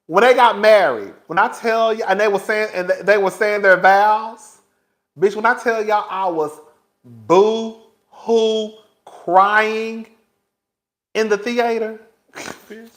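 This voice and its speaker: High-voiced man telling a dramatic story. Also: normal speed. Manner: animated and dramatic, laughing often, calling listeners girl. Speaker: vlogger. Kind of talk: casual storytelling to camera.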